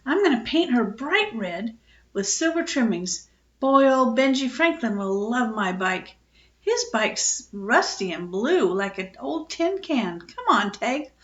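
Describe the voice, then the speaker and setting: A woman voicing an eager young boy who makes excuses, with a raised, bright voice. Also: on the high side, sing-song, slow, roomy sound, lo-fi sound.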